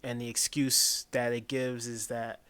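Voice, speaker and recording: A man of ordinary pitch talks through a film in a loose, rambling way. He keeps circling back and tossing in "man", and his voice goes quiet and hushed whenever he retells a scary moment. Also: level tone, a little slow, clean tone. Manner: rambling, repeats himself, says "man" a lot. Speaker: movie reviewer. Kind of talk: casual spoken film review.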